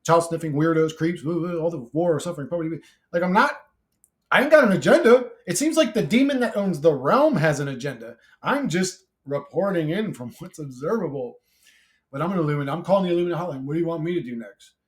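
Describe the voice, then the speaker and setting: A man's voice: on the high side, animated, fast talker. A man casually reading and answering viewer comments, brash and profane, rambling with many restarts and frequent laughter. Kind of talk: casual comment-reply monologue.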